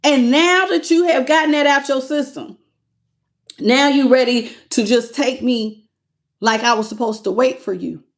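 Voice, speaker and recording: A woman's voice: sits high, unhurried. A woman acting out an indignant young man who refuses to take back his ex, speaking emphatically. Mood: incredulous. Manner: incredulous, emphatic.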